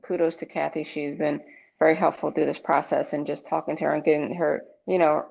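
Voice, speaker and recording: A woman's voice: deep voice, level tone, fairly quick, vocal fry, darkish tone, breathy edge. A woman, a new real estate agent in training, speaking earnestly and with determination on a group video call. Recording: dull lo-fi call audio.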